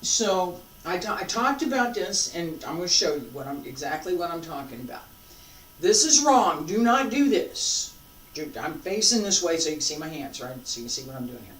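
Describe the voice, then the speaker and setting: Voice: medium pitch, animated, a bit bright, slight background noise. A martial arts instructor teaching a class, calling out breathing cues and checking in with casual "all right?" and "okay?" as they demonstrate. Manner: calls out breathing cues slowly. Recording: roomy sound, distant from mic.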